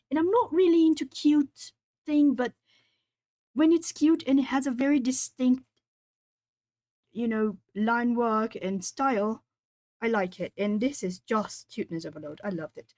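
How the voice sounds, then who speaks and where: A woman's voice: on the high side, darkish tone, rough recording. A woman chatting casually on her art livestream, reading out and answering viewer comments as she colours. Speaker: art streamer. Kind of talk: casual live-stream chat. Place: home art desk.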